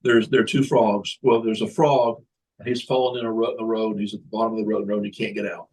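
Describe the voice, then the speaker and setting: A man's voice: on the low side, little pitch movement, quick pace, a little mellow, a little hiss or hum, poor audio. Man explaining hypnosis in casual chat. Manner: explains methods, tells jokes as stories. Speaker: hypnotist guest.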